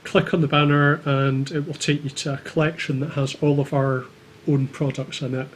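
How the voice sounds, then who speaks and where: A man chatting casually on a livestream, speaking at a middling pitch in a flat, even tone. He hesitates often and pads his sentences with ums. A faint hum of noise runs underneath. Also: moderate pace. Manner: hesitant, with many filler ums. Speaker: co-host of a maker livestream.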